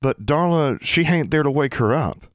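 A man's voice: a little high, lively intonation, normal speed, no room sound, studio quality, pitched above the performer's own voice, natural voice. A man voicing a worried, pious schoolgirl who talks in an old-fashioned rustic way.

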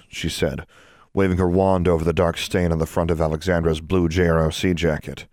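Deep-voiced man narrating a story. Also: fairly quick, no echo, studio quality. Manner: expressive storytelling. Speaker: audiobook narrator. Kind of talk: scripted narration.

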